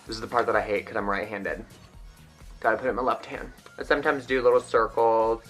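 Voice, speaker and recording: A man's voice: lowish voice, steady tone, quick pace, over music. A young man chatting through a makeup tutorial in a casual, self-mocking way. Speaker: vlogger.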